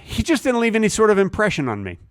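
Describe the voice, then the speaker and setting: A man's voice: high voice, wildly swooping pitch, fast, no echo, studio quality. A man co-hosting a comedy podcast, trading goofy, absurd jokes with enthusiasm and breaking into song. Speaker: podcast co-host. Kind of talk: comedic casual chat.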